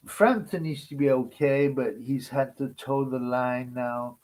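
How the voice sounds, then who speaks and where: A man's voice: mid-range voice, unhurried, a little mellow, low-quality recording. A man hosting a live stream, ranting in a crude, mocking, rambling way. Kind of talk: casual live-stream rant.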